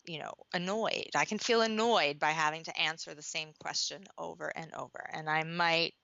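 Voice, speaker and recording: A woman's voice: low-pitched, steady tone, moderate pace, creaky, pushed and bright, dry recording. A woman parenting coach answering interview questions in an earnest, talkative way, with many fillers and restarts. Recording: dull lo-fi audio.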